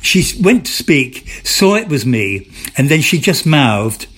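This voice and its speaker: A man's voice: a little high, big pitch swings, a little slow, a bit bright, slightly rough. An older man, an actor, telling stories in an interview, theatrical and amused, often repeating and restarting his words. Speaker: interview guest, former soap actor. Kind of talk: candid anecdotal chat.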